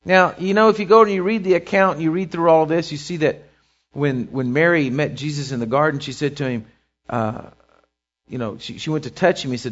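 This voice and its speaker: A pastor delivers his sermon in a high, light voice, swelling loud through runs of repeated phrases and sinking quiet between them. The recording sounds muffled and lo-fi, like a church tape. He is a man preaching to his congregation. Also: brisk. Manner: preaching with rising and falling intensity, repeating phrases.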